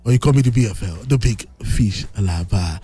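Boastful Nigerian man, husky and lively. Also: fairly low pitch, moderate pace. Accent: Nigerian Pidgin English. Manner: brash, teasing, loud boasting. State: thick, under-the-weather voice. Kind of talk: boastful casual radio banter.

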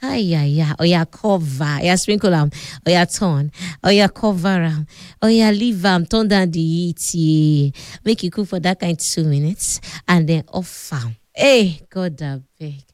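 A woman's voice: fairly low pitch, moderate pace, darkish tone, dry recording, clean studio sound. A woman with a Nigerian accent hosting a radio cooking talk, chatty and instructive, laughing often as she talks. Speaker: radio host.

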